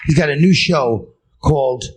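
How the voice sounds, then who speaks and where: A man hosting a comedy show, introducing the next comedian and building up to a shouted welcome. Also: on the high side, moderate pace, noisy background. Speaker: show host. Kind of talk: introducing comics on stage. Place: comedy club stage.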